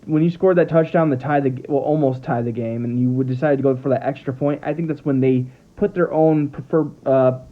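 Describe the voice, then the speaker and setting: Male sports vlogger, mid-range voice, rambling and animated, tinny phone-quality audio. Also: medium pitch, brisk, hardly any pauses. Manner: rambling, animated, trips over words. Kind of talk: casual football commentary. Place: at home with his dogs.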